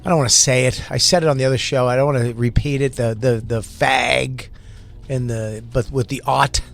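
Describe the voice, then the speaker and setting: A man telling a wild story as a comedy podcast guest, animated, acting out shouted quotes and laughing often. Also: medium pitch, fairly quick, creaky, faint music behind. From Boston.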